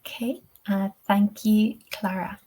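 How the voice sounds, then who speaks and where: A woman's voice: medium pitch, fairly even intonation, slow, mellow. A woman, a tutor answering questions in a live webinar, chatty and thinking aloud with many ums. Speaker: English-teaching tutor.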